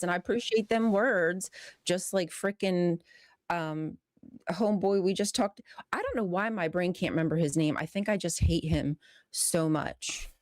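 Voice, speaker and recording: Woman, lowish voice, blunt and emphatic, profane, live show co-host, dry sound. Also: a little mellow, no room sound. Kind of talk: casual political chat.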